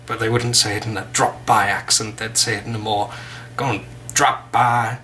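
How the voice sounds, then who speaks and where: A man's voice: fairly low pitch, little pitch movement, fairly quick, sharp tone, a little hiss or hum. An English man giving a casual vocabulary lesson, chatty with joking asides. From England. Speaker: English teacher.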